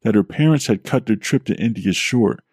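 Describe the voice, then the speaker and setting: Low gravelly guy reading a scary story, steady pace, dry close sound. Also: moderate pace, no echo. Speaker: podcast host and narrator. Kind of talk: scripted horror story narration.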